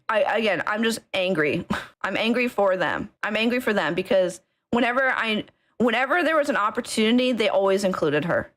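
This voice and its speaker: A woman ranting angrily on a stream, swearing, repeating herself and tagging lines with okay. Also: a little high. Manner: angry, keeps saying okay, swears, bursts into laughing shouts. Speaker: streamer ranting about a friend group. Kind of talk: emotional rant on stream.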